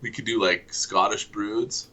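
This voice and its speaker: A man's voice: lowish voice, fairly even intonation, measured pace, sharp tone. A man co-hosting a casual sports podcast, full of wry, self-deprecating banter. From Canada. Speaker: podcast co-host.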